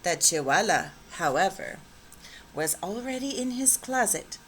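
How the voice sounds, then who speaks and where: A woman teacher reading a picture book aloud with expressive, animated storytelling. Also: medium pitch, a little slow, slight background noise.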